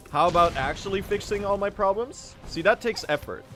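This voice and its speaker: Lively joking young male streamer. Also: high voice, brisk, soft background music. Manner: joking, chatty, answers chat. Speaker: speedrunning streamer. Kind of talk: casual live-stream chat.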